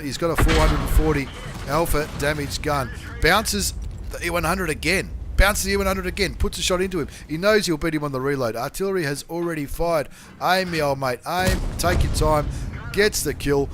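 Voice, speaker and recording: A game channel host with a slightly high voice commentates replays in a chatty, slangy style, breaking into excited shouts and swearing. There's a little hiss or hum in the audio.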